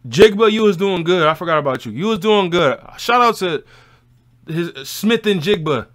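Upset man ranting with lively pitch. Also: normal speed. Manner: frustrated, profane ranting to viewers. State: upset and heated. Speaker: sports reaction vlogger. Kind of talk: casual fan reaction rant.

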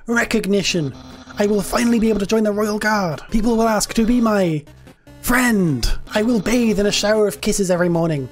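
A woman voicing a boastful, eager skeleton who speaks loudly and pompously. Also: mid-range voice, a little fast, faint music behind, voice pushed up, natural voice. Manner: loud and pompous.

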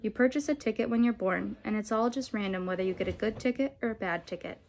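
A woman reading a novel aloud in a calm, measured way. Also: on the high side, vocal fry, slight background noise, poor audio. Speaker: audiobook reader.

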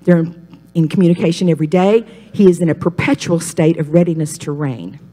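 A woman preaching a sermon, moving from loud, ringing declarations to hushed whispers and calling the congregation to repeat after her. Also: fairly low pitch, brisk. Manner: calls congregation to repeat phrases.

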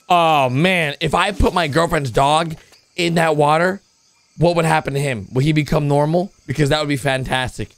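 Reacting to cartoons for his viewers, a young host gets excited, shouting and gasping at the surprises while addressing the audience directly. He speaks at a moderate pace in a slightly high, creaky voice, with no echo.

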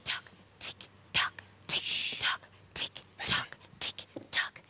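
A woman's voice: unhurried, lightly acted. Woman whispering as a ticking clock. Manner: whispers a steady ticking rhythm. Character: ticking wall clock, steady and quiet. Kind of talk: whispered role-play.

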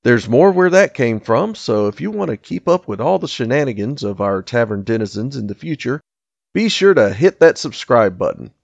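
Male host outro, gravelly tone with lively pitch, dull lo-fi mic. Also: normal speed, no echo. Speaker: channel host, tavern barkeep persona. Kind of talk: scripted video outro.

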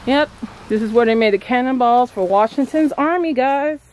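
A woman vlogging outdoors at an old stone landmark, chatting excitedly to her viewers on a handheld phone camera. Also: fairly high pitch, normal speed, slight background noise. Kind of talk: casual vlog narration. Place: outdoors at a historic stone furnace.

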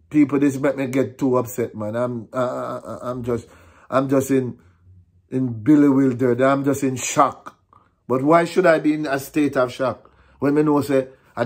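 A Jamaican man ranting on his vlog, frustrated and repetitive, slipping between patois and English. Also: mid-range voice. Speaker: vlogger.

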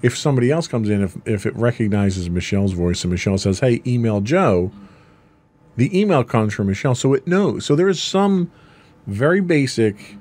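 A man's voice: medium pitch, expressive, fairly quick, darkish tone, slightly rough. A man co-hosting a podcast, casually explaining ideas with everyday examples and frequent ums. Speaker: podcast co-host.

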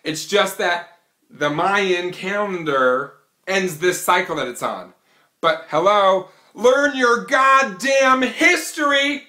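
A brash, mocking male vlogger with a high, sharp and bright voice. He rants straight to the camera, laughing at his own jokes. The sound bounces around an echoey room. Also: animated, slow pace. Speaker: vlog host. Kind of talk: comic opinion rant to camera.

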